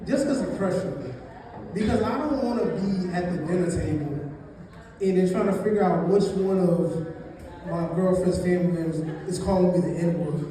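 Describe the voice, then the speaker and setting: A man's voice: high-pitched, moderate pace, mellow. A young man doing a stand-up comedy set, telling loose, rambling stories full of fillers. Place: comedy show room. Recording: echoey live room taken from a distance, noisy. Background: audience laughter.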